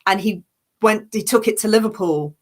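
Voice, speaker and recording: An actress and online parody creator from Yorkshire, England, chats casually in an interview with a fairly neutral, near-London accent. She laughs often and restarts her sentences, her mid-range voice at normal speed.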